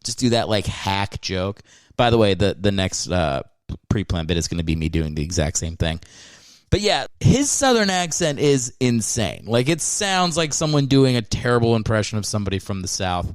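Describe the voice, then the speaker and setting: A man's voice: on the low side, big pitch swings, normal speed, smooth, no room sound, clean studio sound. A man hosting a podcast, rambling in a casual, profane and self-mocking monologue. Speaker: podcast host.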